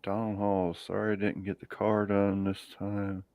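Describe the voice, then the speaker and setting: A man's voice: fairly low pitch, completely flat delivery, normal speed, no echo, narrow, tinny audio. A man hosting a live chat from his garage, easygoing, chuckling often and trailing off mid-sentence. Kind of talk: casual chat.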